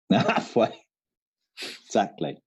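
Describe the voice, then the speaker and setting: A man co-hosting a quiz, teasing dryly in a low, mellow voice. His pitch moves a lot as he jokes. The recording is dull and lo-fi. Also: wildly swooping pitch, slow, slightly rough. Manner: dry teasing. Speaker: quiz co-host. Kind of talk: casual comic banter. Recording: dull lo-fi sound.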